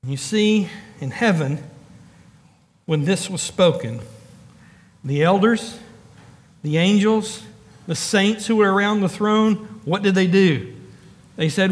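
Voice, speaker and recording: A man's voice: high voice, animated, big-room sound. A man preaching a sermon as pastor, building emphatic lists and calling out to the congregation. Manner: preaching with rising emphatic calls and quick asides.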